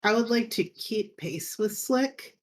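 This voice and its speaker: A woman's voice: on the high side, lively intonation, slow pace. A woman playing in a tabletop game, chatting casually and joking with the group. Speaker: player.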